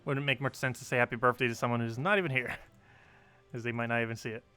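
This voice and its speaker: A man's voice: mid-range voice, fairly even intonation, fast talker, pushed and bright, smooth. A young man chatting casually on a game live stream, reading chat and laughing often.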